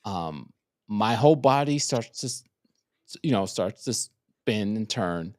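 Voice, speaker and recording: A man's voice: on the low side, a little slow, no room sound, clean studio sound. A man in casual podcast chat, telling a story with lots of swearing and acted-out quotes. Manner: profane, animated storyteller acting out quotes. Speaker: podcast co-host.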